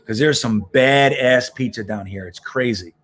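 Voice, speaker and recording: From his home in Miami, a man hosts a casual live watch-along stream, chatting loosely with viewers and reacting to plays. His voice is medium-pitched and a bit bright, at normal speed.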